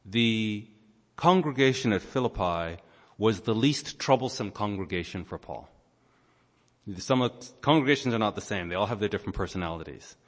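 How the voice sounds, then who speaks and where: A man's voice: fairly low pitch, animated. A man preaching a sermon, stopping to explain the grammar of a Bible passage in a teacherly way. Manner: teacherly, explains Greek grammar, pauses on words. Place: church or large meeting hall. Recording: long echo in a large hall.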